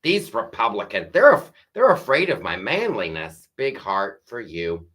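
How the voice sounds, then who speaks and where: Bright-voiced rambling male comedian. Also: lowish voice, wildly swooping pitch, unhurried. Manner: rambling, sarcastic, with frequent restarts. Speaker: comedian podcast host. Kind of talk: casual monologue.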